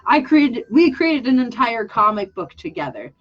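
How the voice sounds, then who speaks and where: In a muffled, lo-fi recording, a young woman who vlogs and makes art chats casually as she draws. Her voice is a little high and sing-song at a moderate pace, and she rambles candidly, mocks herself, restarts often, and sounds a bit teary.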